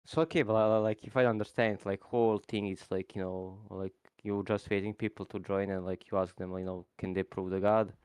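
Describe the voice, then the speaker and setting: A man calls in to a debate and talks haltingly, repeating himself in broken phrases. His voice is fairly low and the recording is dry, with no room sound. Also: flat delivery, a little mellow, smooth, dry recording. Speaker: caller. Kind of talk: casual debate call.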